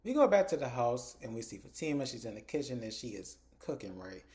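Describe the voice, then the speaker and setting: Mellow-voiced man recapping a TV episode. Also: medium pitch, fairly quick. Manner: animated retelling, slips into characters' lines, profane. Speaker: TV episode reviewer. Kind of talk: casual recap chat.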